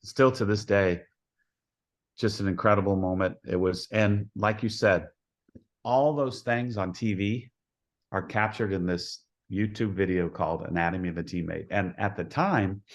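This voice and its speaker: Low-voiced coach telling folksy stories. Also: male voice, moderate pace. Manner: folksy, anecdotal, acts out quoted dialogue. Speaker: head softball coach, podcast guest. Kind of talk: storytelling in a podcast interview.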